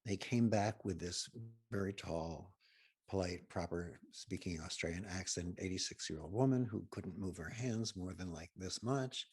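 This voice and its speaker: A man hosting a healing program, telling humorous anecdotes with wry asides and pauses. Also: deep voice, a little mellow, husky, dry recording, clean studio sound. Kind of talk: humorous storytelling talk.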